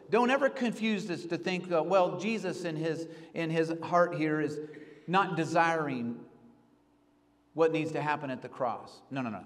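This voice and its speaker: A male pastor preaching an earnest sermon, rising to pleading and then dropping to hushed reflection. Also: fairly high pitch, moderate pace, long reverb tail.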